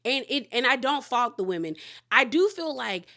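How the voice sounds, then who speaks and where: Animated woman recapping reality TV. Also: fairly high pitch, moderate pace. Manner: animated storytelling, laughing often; acts out quotes in exaggerated voices. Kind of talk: casual recap commentary.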